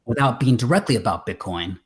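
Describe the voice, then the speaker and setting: A man's voice: medium pitch, expressive, brisk. A man, a filmmaker guest, chatting casually on a video call, rambling with many fillers and restarts. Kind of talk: casual interview chat.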